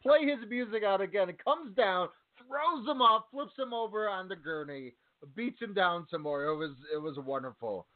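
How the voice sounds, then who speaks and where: Man, high voice, enthusiastic, laughs a lot, phone-like sound. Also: expressive, moderate pace, hardly any pauses. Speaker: podcast co-host. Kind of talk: casual wrestling talk. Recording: tinny phone-line audio.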